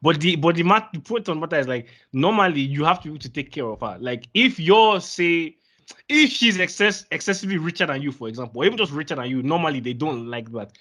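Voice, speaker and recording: Fast-talking man pushing back. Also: a little high, animated, fairly bright tone. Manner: quick to push back and argue a point. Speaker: podcast co-host. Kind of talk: casual chat.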